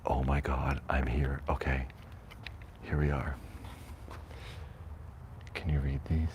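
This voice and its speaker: Jittery, very low-voiced man whispering. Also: little pitch movement, takes it slowly, noisy background. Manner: jittery, half-whispering, rambling. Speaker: vlogger. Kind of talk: nervous live-streamed night walk. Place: cemetery outdoors at night. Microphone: shirt lapel mic.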